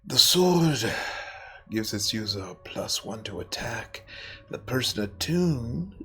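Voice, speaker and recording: A man's voice: mid-range voice, expressive, takes it slowly, bright, forceful tone, slightly rough. A man playing a tabletop role-playing game, talking in a laid-back, playful drawl. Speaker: player.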